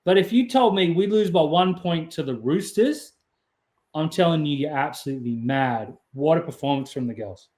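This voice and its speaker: Man, fairly high voice, jokey sports chat, roomy echo. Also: lively intonation, moderate pace, a little mellow. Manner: upbeat, joking. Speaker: podcast co-host. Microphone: remote call.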